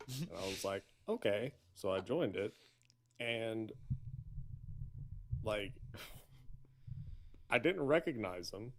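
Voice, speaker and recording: A man with a fairly low voice tells a casual story at a very slow, halting pace. He drifts and restarts as he goes. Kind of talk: casual chat.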